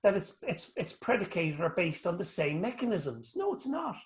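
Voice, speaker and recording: A man's voice: high voice, moderate pace. A man with an Irish accent, chatting as an interview guest, rambling and joking as he tells stories. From Northern Ireland. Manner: rambling, animated storyteller, joking. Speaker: guest, anatomist. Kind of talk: casual interview chat. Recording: echoey room.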